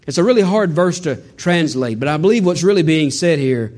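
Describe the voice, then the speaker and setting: A male pastor preaching a sermon, swinging between loud exclamations and low, hushed delivery and acting out the voices he quotes. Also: expressive, fairly quick.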